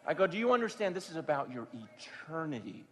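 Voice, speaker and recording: A man preaching a sermon, telling a story in a conversational way that swings from hushed to sudden loud bursts. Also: a little high, sing-song, fast talker, big-room sound. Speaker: pastor.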